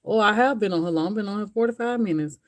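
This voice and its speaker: Woman, livestream host, loose rambling chat with her audience, mid-pitched. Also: very fast. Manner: chatty, rambling, talks straight to viewers. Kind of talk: casual chat with live viewers.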